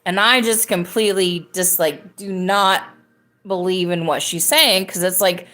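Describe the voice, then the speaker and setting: Podcast host, woman in her thirties, rambling casual storyteller with a lower voice. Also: fairly even intonation, unhurried, bright, forceful tone. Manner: rambling, many fillers and restarts.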